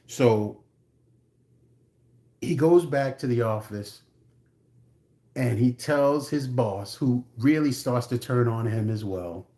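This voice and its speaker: A man's voice: medium pitch, measured pace, warm tone. A man reviewing a film, retelling the plot in a casual, blunt way with frank asides.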